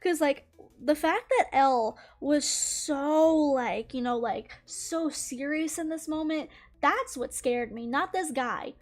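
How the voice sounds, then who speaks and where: A woman's voice: sits high, slow. A young woman chatting casually as she tells a story while drawing, swearing often and laughing along the way. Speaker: drawing channel host.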